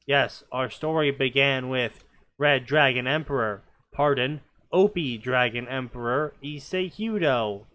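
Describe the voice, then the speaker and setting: A man's voice: medium pitch, unhurried, a bit bright. A man reading fanfiction aloud and breaking off into sarcastic, nitpicking commentary, often stammering as he restarts his sentences.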